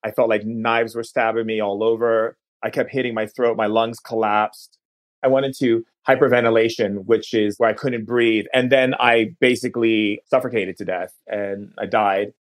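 This podcast guest speaks on the low side with fairly even intonation. He earnestly tells a long story about his life, slowing for key moments and restarting some phrases.

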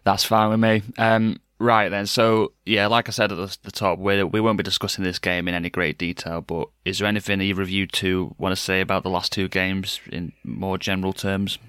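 A man's voice: sits low, flat delivery, brisk, few pauses, fairly bright tone, clean tone, no room sound. A man hosting a casual football podcast, talking in a dry, sardonic way. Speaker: podcast host.

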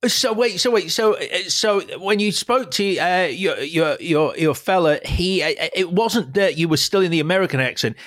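A man's voice: high voice, expressive, moderate pace, few pauses, a bit bright. A man hosting an interview, asking questions with stammering restarts. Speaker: podcast host. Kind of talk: casual interview chat.

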